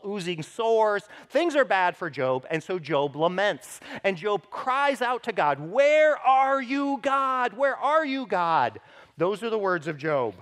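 Emphatic male pastor preaching. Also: fairly bright tone. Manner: emphatic, rises in pitch and volume when voicing scripture; speaks directly to the congregation with frequent "right?". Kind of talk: sermon.

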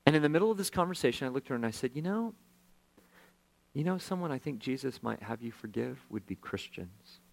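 A man's voice: mid-range voice, lively intonation, a little fast, creaky, low-quality recording. A male pastor telling a story in a sermon, acting out the voices of the people in it.

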